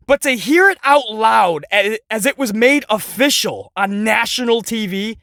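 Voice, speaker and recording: A man hosting a casual wrestling commentary show, sarcastic, animated and full of profanity. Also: very high-pitched, no echo, clean studio sound. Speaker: podcast host.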